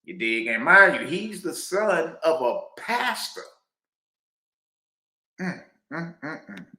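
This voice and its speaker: A man hosting a reaction video, talking loudly and excitedly, laughing often and dropping preacher-style asides. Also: on the high side, slow pace, reverberant. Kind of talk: animated commentary reacting to a clip.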